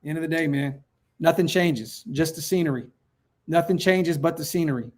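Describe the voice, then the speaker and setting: Running a laid-back fan livestream, a hyped man from Northern California reads out viewer comments and responds to them, using slang and lots of repeated phrases. His voice is a little high for a man and a little mellow, delivered at a moderate pace.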